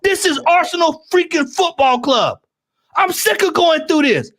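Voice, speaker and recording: A man rants about his football club, his voice high and swinging widely in pitch. He repeats himself for emphasis and often breaks into shouting. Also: lively intonation, a little slow. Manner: ranting, repetitive, often shouting. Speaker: football podcast panelist. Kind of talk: heated fan rant on a live stream.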